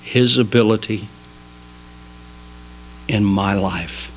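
Slow, emphatic preacher man. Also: on the low side, slight background noise, rough recording. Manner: emphatic, swings between loud exhortation and quiet asides; folksy, jokes with the congregation. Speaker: pastor. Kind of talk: sermon. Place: small church sanctuary.

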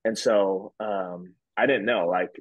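A man's voice: on the low side, steady tone, slow pace, no room sound. A man in his twenties, a podcast guest, telling a story casually with many fillers like "like" and "whatever". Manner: loose and rambling, heavy on fillers like "like" and "whatever". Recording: dull lo-fi, dry sound.

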